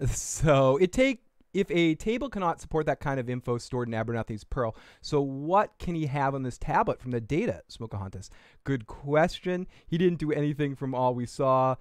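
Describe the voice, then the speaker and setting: A man's voice: mid-range voice, lively intonation, moderate pace, no room sound, clean studio sound. A man hosting a live recap podcast, casual and jokey, swearing, laughing often and reading the chat aloud. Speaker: podcast host.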